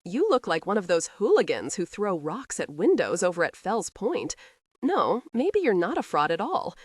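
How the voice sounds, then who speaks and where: A woman's voice: medium pitch, big pitch swings, moderate pace, slightly rough, no room sound, clean studio sound. A woman voicing a brash, arrogant young man who teases and needles, read in an audiobook. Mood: needling. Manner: mocking, needling. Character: brash young male horseman, teasing and arrogant.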